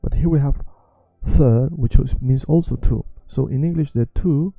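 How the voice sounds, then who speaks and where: A man teaching a language lesson, repeating phrases slowly and patiently. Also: mid-range voice, vocal fry, dark tone, breathy edge, dry recording.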